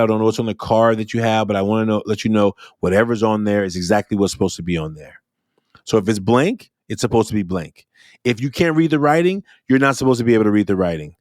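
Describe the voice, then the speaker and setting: A man speaking in a casual, animated monologue about running youth workshops. His voice sits at an ordinary middle pitch. The sound is dry and close, with little room around it. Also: no room sound. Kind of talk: reflective podcast monologue.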